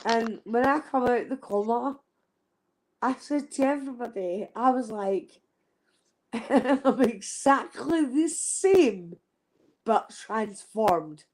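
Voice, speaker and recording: A woman's voice: fairly high pitch, lively intonation, takes it slowly, darkish tone, rough recording. A young woman talking openly and emotionally on a live stream, swearing freely and repeating herself. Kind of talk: emotional casual chat.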